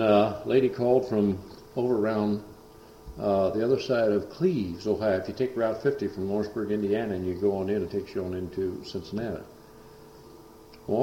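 A man's voice: lowish voice, warm tone, slight background noise. A man, a preacher telling a story in a folksy, rambling way. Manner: folksy, rambling, lots of uh fillers. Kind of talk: storytelling testimony. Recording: echoey dull lo-fi recording.

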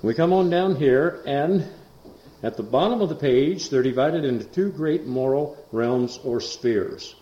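A man preaching in a folksy, rambling way, full of fillers and asides, who rises to loud, emphatic bursts on scripture. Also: medium pitch, measured pace. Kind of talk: folksy sermon storytelling. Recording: roomy, dull lo-fi recording.

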